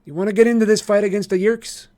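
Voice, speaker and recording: A man voicing a sarcastic, wary teenage boy with a sharp, needling manner, in an audiobook-style reading. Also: sits high, fairly even intonation, fast, pitched above the performer's own voice, close to an everyday voice. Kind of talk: reading a novel aloud on a stream.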